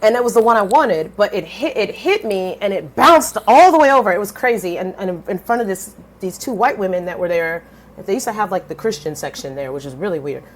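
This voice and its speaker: A woman in her thirties, a podcast guest telling her story in a lively, blunt way, swearing casually and switching voices when she quotes people. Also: a little fast. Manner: animated, swings pitch widely when quoting others.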